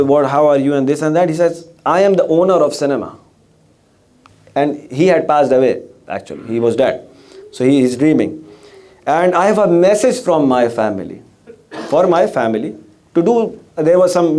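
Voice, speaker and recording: Rhetorical questions and frequent restarts punctuate the stories this middle-aged religious speaker tells during a sermon in a gathering hall. His voice sits on the high side and has a dark tone.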